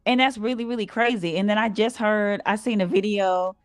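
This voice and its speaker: A woman co-hosting a casual podcast, giving earnest, measured advice. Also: medium pitch, dry recording, clean studio sound. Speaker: podcast co-host. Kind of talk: casual chat.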